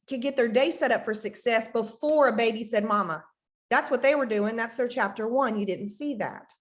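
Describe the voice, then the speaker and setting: A woman in her thirties giving an emphatic motivational talk to her team, repeating phrases and acting out quotes. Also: on the high side. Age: 30s. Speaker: team leader giving a team call.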